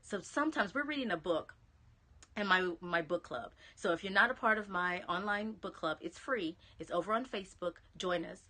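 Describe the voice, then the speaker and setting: A woman's voice: mid-range voice, expressive, moderate pace, bright, forceful tone. A woman with a Southern American accent giving an encouraging live-stream pep talk, chatting to viewers and dropping to a whisper on key phrases. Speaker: motivational speaker. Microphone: phone or webcam live stream.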